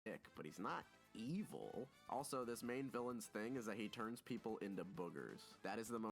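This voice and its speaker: A man's voice: fairly low pitch, expressive, normal speed, faint music behind. A man narrating an online movie review, opinionated, dismissive and crude. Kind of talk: reviewed video commentary played back.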